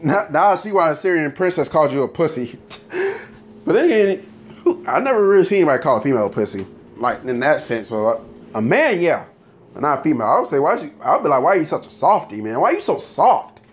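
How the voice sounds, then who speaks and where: A man's voice: a little high, fast talker. A man ranting loosely about characters in a story game, full of fillers and swearing, then reading a chapter aloud. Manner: animated, profane, frequent fillers.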